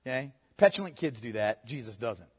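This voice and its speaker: A man's voice: medium pitch, lively intonation, brisk, slightly rough. A male pastor preaching a sermon in a church, with a conversational manner and frequent "okay?" check-ins to the congregation. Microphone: microphone. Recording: long hall reverb.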